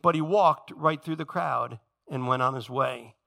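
A male pastor preaching a sermon in church, emphatic and building to loud exclamations. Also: mid-range voice, measured pace, gravelly.

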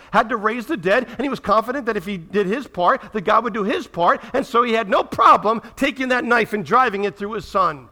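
Bright, high-voiced preacher man. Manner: dramatic retelling, swings from loud bursts to hushed asides. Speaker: pastor. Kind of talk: sermon.

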